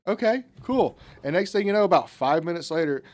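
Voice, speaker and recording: A man's voice: a little high, fast talker. A man co-hosting a podcast, telling a story in casual, profane banter and laughing along. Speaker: podcast co-host.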